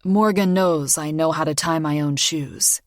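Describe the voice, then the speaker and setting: A woman narrating an audiobook, voicing a calm, gently teasing single father in a low-key way. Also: unhurried, no room sound, studio quality. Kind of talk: audiobook character voice.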